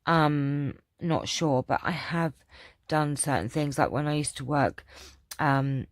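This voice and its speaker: A woman's voice: low-pitched, takes it slowly, dry recording, studio quality. A woman chatting casually on her craft vlog, rambling with lots of ums and restarts as she answers viewer questions. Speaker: craft channel vlogger.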